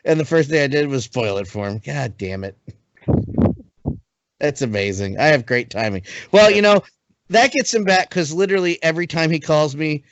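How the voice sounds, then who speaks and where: A young male podcast host with a high voice who talks in an excitable, laughing way. He sounds close and dry, as if right at the microphone with no room behind him. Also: moderate pace, no room sound, muffled recording. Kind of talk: casual chat.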